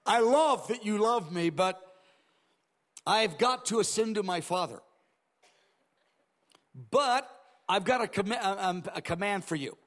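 A man preacher voicing a gentle but firm divine teacher who speaks with calm, pastoral questions. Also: sits high, unhurried, pauses often. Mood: tender. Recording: long hall reverb.

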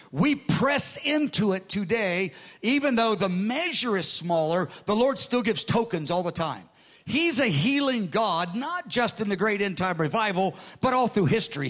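A man preaching a sermon, telling a story with lively quoted dialogue and repeating words as he starts phrases. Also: high-pitched.

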